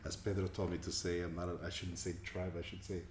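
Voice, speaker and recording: Speaking fast in a low voice with little pitch movement, this Colombian man is a musician guest giving earnest, thoughtful interview answers. He repeats words as he hunts for the right ones, and the room is echoey with faint background noise.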